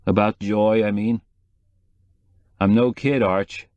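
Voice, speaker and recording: A man voicing a middle-aged male journalist in an audiobook, speaking low and confidingly. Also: fairly even intonation, slow, a little mellow, no room sound, muffled recording.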